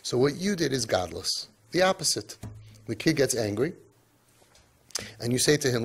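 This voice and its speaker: A man lecturing parents, emphatic, tossing in asides and Yiddish and Hebrew words, his pitch and loudness swinging for emphasis. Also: sing-song, normal speed, vocal fry, pauses often, slightly rough. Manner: emphatic, with many asides of "right?" and "okay?". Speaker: parenting speaker.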